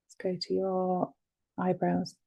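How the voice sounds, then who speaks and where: A woman leads a tapping session in a calm, gentle voice, giving phrases for the listener to repeat. Her voice sits low with a flat, even melody. There is a gravelly edge of fry. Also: slow. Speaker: EFT tapping guide.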